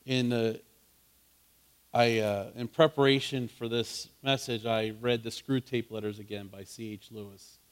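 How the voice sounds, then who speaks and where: A man's voice: medium pitch, fairly even intonation, a little slow, clear, resonant tone. A man pastor preaching a sermon, earnest, repeating words and asking his listeners questions.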